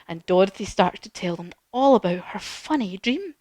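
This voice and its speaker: A woman's voice: medium pitch, moderate pace, hardly any pauses, no room sound. Encouraging woman leading a kids' yoga story. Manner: animated, encouraging, sing-song storytelling. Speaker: kids yoga teacher. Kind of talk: storytelling yoga lesson for children.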